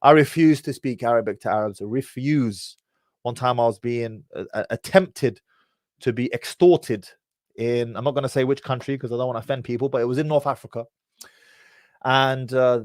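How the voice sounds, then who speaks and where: A British man talks through a casual livestream, drifting from story to story with plenty of street slang. He sits at an ordinary middle pitch. His voice comes across close and dry, with no room sound. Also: brisk, a little mellow, dry recording. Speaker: livestream host.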